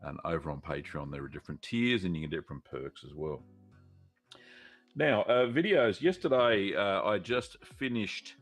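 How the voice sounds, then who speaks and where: Gravelly Australian man hosting a live stream. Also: low voice, lively intonation, moderate pace, soft background music. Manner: rambling, friendly, many fillers, greets viewers by name. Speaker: host of a live cheese-making Q&A show. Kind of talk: casual live-stream chat.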